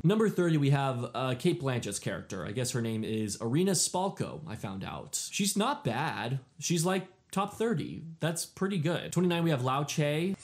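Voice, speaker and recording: A man's voice: a little high, a little mellow. A young man hosting a casual ranking video, offhand and self-deprecating, often trailing off at the end of a thought. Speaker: movie ranking host. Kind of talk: casual list commentary.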